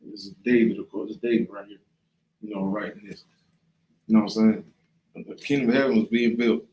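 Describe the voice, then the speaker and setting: A man's voice: on the low side, steady tone, a little fast, darkish tone, echoey room, rough recording. A man leading a casual Bible class, talking loosely and often checking in with the listener. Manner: conversational, often asks "right?" and "you know what I'm saying?". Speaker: class leader.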